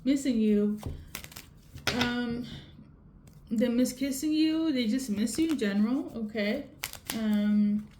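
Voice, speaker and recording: A woman's voice: on the high side, slow, long pauses, a little mellow. Woman tarot reader, echoey room. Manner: repeats "okay?" often, conversational. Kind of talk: casual tarot reading. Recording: echoey room with faint noise.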